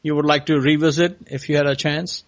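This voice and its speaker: A man hosts a podcast interview, pausing and restarting as he asks his questions. His voice sits a bit high. The sound is muffled and lo-fi. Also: level tone. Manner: halting, asks questions with many pauses. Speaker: podcast host. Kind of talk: interviewing a guest. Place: California.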